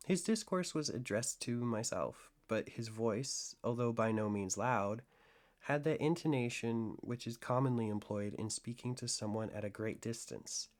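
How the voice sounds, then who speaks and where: A man narrating an audiobook of classic fiction with a steady, deliberate storytelling delivery. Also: on the low side.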